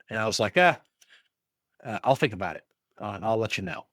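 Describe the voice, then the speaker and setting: Low-voiced man ranting about a shop. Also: fairly quick, no echo, clean studio sound. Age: middle-aged. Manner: animated ranting storyteller, acts out both sides; frequent restarts and fillers when worked up. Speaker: podcast co-host. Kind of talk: casual chat.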